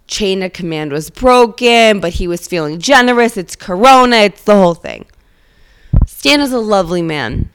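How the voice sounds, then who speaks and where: A nasal, under-the-weather woman hosts a casual comedic podcast from inside her car with a handheld mic. Her voice is smooth and clear, and the sound is close and dry. She rambles sarcastically and swears freely. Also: medium pitch, lively intonation, normal speed, no echo. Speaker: podcast host. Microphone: handheld microphone.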